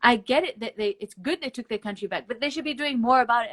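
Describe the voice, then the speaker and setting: A woman's voice: a little high, fast talker, hardly any pauses. Blunt, emphatic woman guest. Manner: blunt and emphatic, swears freely; laughs between points. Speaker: interview guest. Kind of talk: casual conversation on a live stream.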